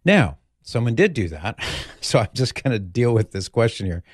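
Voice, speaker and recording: A man hosting a call-in radio show, chatting gently with callers and leading a prayer. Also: medium pitch, very animated, normal speed, slightly rough, no room sound, clean studio sound.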